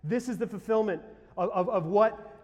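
A man preaches a sermon in a church sanctuary, his voice sitting high for a man. He talks conversationally, then bursts into shouts and exclamations. The sound trails off in a long hall reverb. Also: normal speed. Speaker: pastor.

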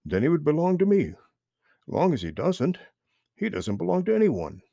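A man's voice: fairly high pitch, huge pitch swings, gravelly, dark tone, no room sound, pitched above the performer's own voice, heavily acted. A man voicing a very old, wise male frog who speaks mildly and patiently in a storybook reading. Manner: mild, slow, sly.

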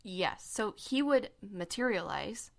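A woman's voice: mid-range voice, expressive, takes it slowly, creaky. A young woman hosting a casual podcast chat, explaining a conspiracy story with lots of fillers and laughs. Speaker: podcast co-host.

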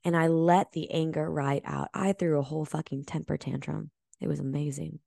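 A woman with a fairly low voice coaches her listeners in a motivational monologue. She is earnest and emphatic, swears casually, and slows down to stress her key words. The sound is dry and close. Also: steady tone, gravelly, dark tone, dry recording. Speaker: podcast host and energy healing coach.

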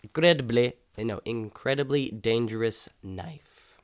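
A man's voice: medium pitch, unhurried. A young man co-hosting a casual podcast, joking around playfully and laughing often. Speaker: podcast co-host. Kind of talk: casual chat.

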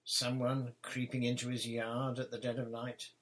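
A man voicing a brisk, gossipy middle-aged male wizard official, urgent and chatty. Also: mid-range voice, monotone, fairly bright tone, voice pushed up, natural voice, low-quality recording.

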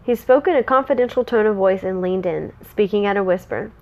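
A woman's voice: mid-range voice, brisk, muffled recording. A woman reading a fantasy story aloud in a casual way, sometimes breaking off to chat. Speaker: story reader.

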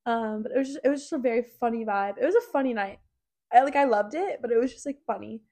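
A young woman in her twenties co-hosts a podcast, talking casually with a fairly high voice. She rambles through her stories with plenty of fillers. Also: fast talker, dark tone. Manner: chatty storyteller, lots of "like"s. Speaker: podcast co-host. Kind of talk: casual chat.

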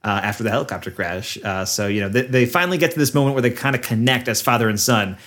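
A man's voice: mid-range voice, fast talker, a bit bright. A man co-hosting a podcast in casual chat, recapping a film with frequent fillers and laughs. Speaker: podcast co-host.

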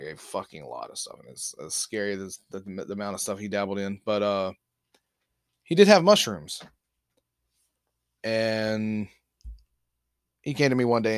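A man's voice: on the low side, no echo, studio quality. A young man hosting a podcast, telling a profane, laid-back story full of quoted back-and-forth dialogue into a podcast mic. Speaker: podcast host. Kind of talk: casual storytelling. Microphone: podcast microphone.

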